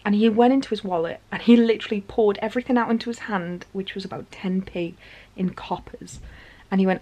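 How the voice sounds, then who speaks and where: A woman's voice: a little high, a little fast. A woman, telling a story to camera in a chatty vlog, laughing often as she goes. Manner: chatty, animated retelling with frequent laughs. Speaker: vlogger.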